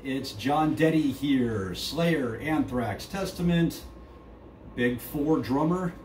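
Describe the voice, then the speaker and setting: A man's voice: mid-range voice, animated, slow pace, a little mellow. A middle-aged man giving a casual drum lesson, talking loosely with many fillers and counting beats aloud. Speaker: drum instructor. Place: drum studio. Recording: echoey room, distant mic, noisy.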